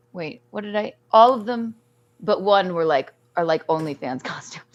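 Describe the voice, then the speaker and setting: A woman's voice: fairly low pitch, moderate pace, no room sound. Giggly rambling woman on a dull line. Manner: animated, giggly, rambling with restarts. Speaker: podcast guest. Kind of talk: casual chat. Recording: dull lo-fi audio.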